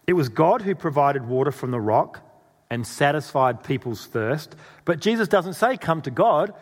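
A man's voice: fairly high pitch, lively intonation, moderate pace. A man preaching a sermon, telling a story and asking the audience questions. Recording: long reverb in a hall.

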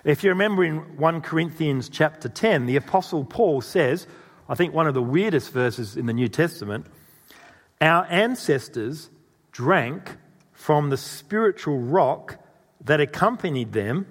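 A man's voice: a little high, expressive, measured pace. A man preaching a sermon, telling a story and asking the audience questions. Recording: long reverb in a hall.

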